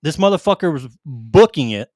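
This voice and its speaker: A man's voice: a little high, animated, fairly quick, a little mellow, no echo, studio quality. A man in his thirties, a podcast co-host and former Marine, telling rambling, profane war stories in casual chat.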